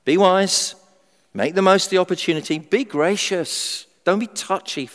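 A middle-aged man preaching a sermon in a humorous, animated way, acting out everyday voices. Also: sits high, moderate pace. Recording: long hall reverb.

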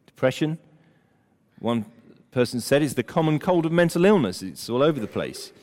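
An older man preaching a sermon, emphatic, at times dropping almost to a hush. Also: mid-range voice, moderate pace. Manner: animated, emphatic preaching with dramatic drops to near-whisper. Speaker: pastor. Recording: long hall reverb.

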